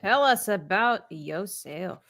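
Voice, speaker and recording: A woman's voice: medium pitch, lively intonation, slow, a bit bright. A woman hosting an art livestream, upbeat and gushing, asking her guests about themselves. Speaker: livestream host. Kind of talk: casual chat on a livestream.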